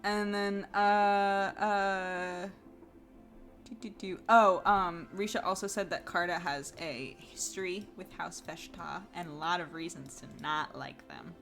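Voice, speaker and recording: A woman's voice: lowish voice, steady tone, measured pace, fairly bright tone, soft background music. Giggly rambling woman with a Jersey accent. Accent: New Jersey. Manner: rambling, laughs often, many fillers. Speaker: tabletop game player. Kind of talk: casual chat.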